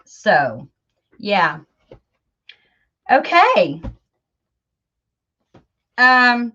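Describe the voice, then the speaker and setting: A woman's voice: medium pitch, slow pace, long pauses, dull audio. A woman chatting casually and self-deprecatingly to her viewers while she crafts, with lots of fillers. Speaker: crafting channel host.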